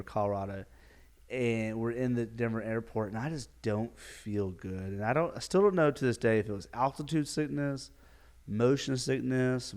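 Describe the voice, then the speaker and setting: A man's voice: lowish voice, smooth. A man, a youth minister hosting a podcast, tells a story casually and animatedly, with frequent chuckles and fillers.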